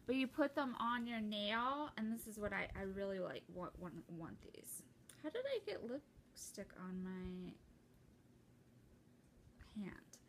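A young woman chatting casually and excitedly while opening a gift at home, rambling with lots of fillers and restarts. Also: medium pitch, takes it slowly, long pauses, a little hiss or hum. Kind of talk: casual unboxing chat.

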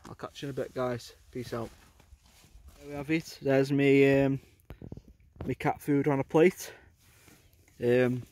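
A man talks casually to his camera on a blustery coastline. His voice stays level and flat, with few rises or falls. He rambles along, padding his sentences with fillers. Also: medium pitch. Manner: chatty, rambling, with many fillers. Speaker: outdoor vlogger. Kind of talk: casual vlog chat. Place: outdoors on a windy coast.

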